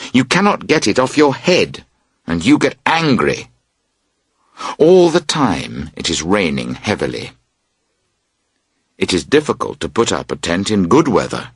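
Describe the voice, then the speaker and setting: Slow husky male storybook narrator. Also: on the low side, dry recording. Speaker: audiobook narrator. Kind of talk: scripted narration of a graded reader.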